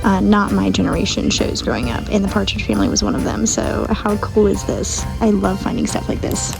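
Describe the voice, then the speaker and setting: A woman's voice: medium pitch, fairly even intonation, fairly quick, gravelly, music in the background. A young woman, chatting enthusiastically to camera as a vlogger. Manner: chatty and enthusiastic, gushing over finds. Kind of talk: casual vlog chat.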